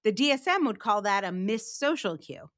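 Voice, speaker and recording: A woman talking as a guest on a podcast, telling lively stories from her own life. She acts out the people in them with quick little voices. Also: medium pitch. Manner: animated storyteller, acts out quoted voices. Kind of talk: casual interview talk.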